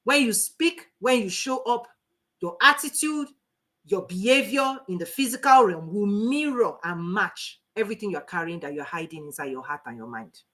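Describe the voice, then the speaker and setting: A Nigerian woman teaching a live online coaching class in an animated, preachy way, laughing often. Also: mid-range voice, normal speed. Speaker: life coach.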